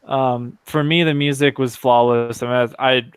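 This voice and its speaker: Laid-back man with a smooth voice. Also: mid-range voice, steady tone, measured pace, no room sound. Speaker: guest on discussion stream. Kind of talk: casual fan discussion.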